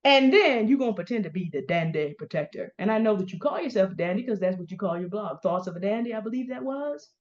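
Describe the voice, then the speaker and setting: A woman's voice: medium pitch, animated, quick pace, few pauses. Pointed middle-aged woman, dull sound. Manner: pointed, confrontational, addressing people by name. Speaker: commentary host. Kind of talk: direct-address commentary.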